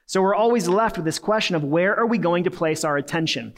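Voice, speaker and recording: A male pastor gives a Sunday sermon, talking to the congregation in an earnest, relaxed, conversational way. His voice sits a little high for a man, and he drops in casual fillers and restarts as he goes. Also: fairly quick.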